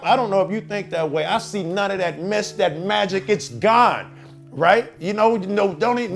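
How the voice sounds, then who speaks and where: In a casual interview, a man who is a cop watcher tells his own stories animatedly, full of profanity and Chicago slang. His high voice is gravelly and moves at a moderate pace, with soft music in the background.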